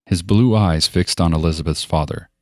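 A man narrating an audiobook in an even, steady storytelling voice. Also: low voice, moderate pace, no echo, clean studio sound. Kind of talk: scripted narration.

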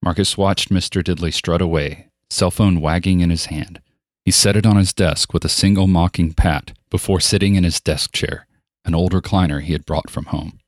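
A man narrating an audiobook in an even, steady storytelling voice. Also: sits low, normal speed, no echo, studio quality. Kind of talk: scripted narration.

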